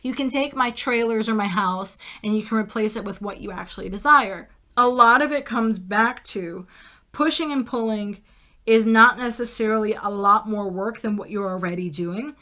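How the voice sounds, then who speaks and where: A woman's voice: mid-range voice, moderate pace, pushed and bright. A woman hosting a solo podcast, talking in a blunt, casual way, swearing freely and acting out little scenes as she explains. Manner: blunt and swears freely, acts out diner exchanges. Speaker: podcast host.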